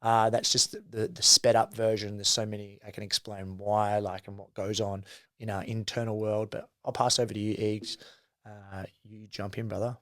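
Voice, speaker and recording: A man's voice: lowish voice, little pitch movement, moderate pace, a bit bright, no echo. A young man in an interview, telling his life story candidly and earnestly, swearing freely and using lots of fillers. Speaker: guest, mindset coach.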